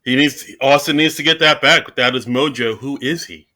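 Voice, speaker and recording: A man co-hosting a podcast, chatting casually and tossing in playful quick jokes. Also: medium pitch, bright, forceful tone. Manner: playful, quick jokey replies. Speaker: podcast co-host.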